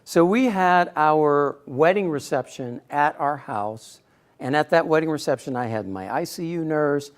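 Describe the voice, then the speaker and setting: Animated storytelling man, high-pitched. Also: unhurried. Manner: animated storyteller, acts out quotes with sudden bursts. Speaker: speaker giving a personal talk. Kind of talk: storytelling speech to an audience.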